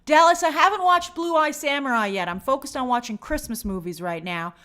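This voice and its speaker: Woman, high voice, chatty livestream host, upbeat, reads comments aloud. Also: lively intonation, brisk, pushed and bright. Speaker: host reading live chat. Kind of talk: casual livestream chat.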